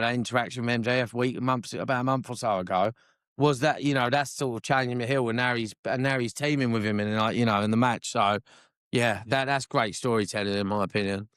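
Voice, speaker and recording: A man co-hosting a casual wrestling podcast, excitable and sweary, forever asking if you know what he means. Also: mid-range voice, brisk, clear, resonant tone, no echo, clean studio sound. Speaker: podcast co-host. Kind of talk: casual wrestling review chat.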